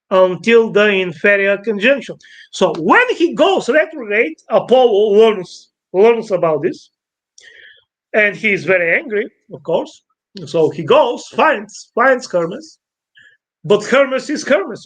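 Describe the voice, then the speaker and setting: A man, an astrologer, talks through an ancient myth while pointing out a sky chart. He speaks very slowly and haltingly, often restarting and repeating his phrases as he works out how to put things. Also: high-pitched, fairly bright tone. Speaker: astrologer interviewee.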